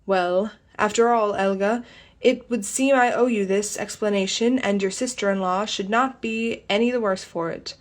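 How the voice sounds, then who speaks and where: A woman's voice: medium pitch, steady tone, moderate pace, close to an everyday voice. A woman voicing a stern husband who speaks harshly and accusingly, in an audiobook reading. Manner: harsh, growling.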